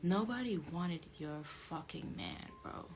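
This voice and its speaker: Lowish-voiced woman ranting over music. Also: very animated, slow, vocal fry. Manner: emphatic and repetitive, swears freely; acts out both sides of conversations. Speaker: show host telling a personal story. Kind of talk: casual storytime rant. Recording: music playing underneath the voice.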